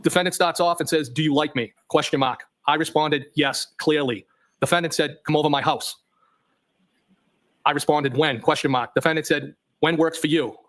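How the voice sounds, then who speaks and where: A man on the witness stand reads out a chain of text messages, calling out every question mark along the way. His voice sits a bit high for a man. He delivers it plainly, in a courtroom. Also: fairly even intonation, normal speed, a bit bright. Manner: reads plainly, voicing punctuation marks. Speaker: trial witness.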